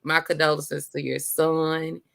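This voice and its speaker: Woman host, low gravelly voice, slow unhurried pace, earnest and encouraging. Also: little pitch movement. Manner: earnest, encouraging, with conversational fillers. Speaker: podcast host. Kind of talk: heartfelt casual chat.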